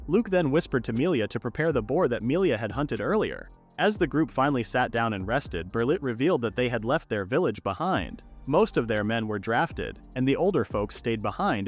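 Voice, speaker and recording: A man narrates a story recap in a steady, scripted read. His pitch moves up and down in a lively way. Soft music plays quietly underneath. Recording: narration with faint background music.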